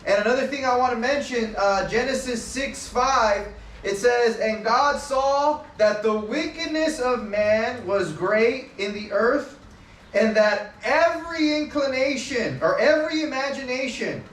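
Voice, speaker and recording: Guy street preaching, really high voice, hitting key words hard, echoey and faint background noise. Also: measured pace, fairly bright tone. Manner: emphatic, stresses key words while reading scripture. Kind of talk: open-air preaching. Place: outdoors. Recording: echoey, distant mic, faint ambience.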